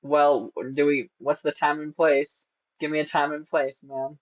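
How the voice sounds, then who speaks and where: A man's voice: fairly high pitch, monotone, unhurried, no echo. A man streaming casually and teasing a chatbot, playful and giggly. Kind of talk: casual live-stream chat. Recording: slightly dull lo-fi sound.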